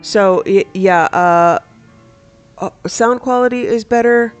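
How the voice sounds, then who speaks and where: A game streamer casually chatting over gameplay and reading in-game books aloud, relaxed and self-correcting. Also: medium pitch, slow, smooth, faint music behind.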